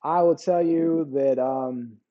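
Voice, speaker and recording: A man's voice: on the high side, takes it slowly, highs cut off. A man in his forties, an army veteran guest, telling his story bluntly in casual, profanity-laced talk full of "bro" and "like".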